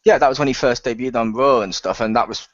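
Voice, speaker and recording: A man's voice: mid-range voice, quick pace, no room sound. A man chatting on a podcast panel in a dry, sarcastic manner. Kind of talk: casual podcast chat. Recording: dull lo-fi dry sound.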